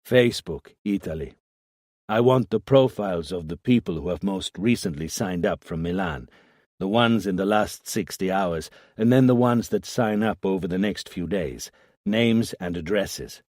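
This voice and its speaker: A man's voice: sits low, moderate pace, darkish tone, no echo, clean studio sound, lightly acted. A man voicing a determined, insistent detective pressing a contact for help.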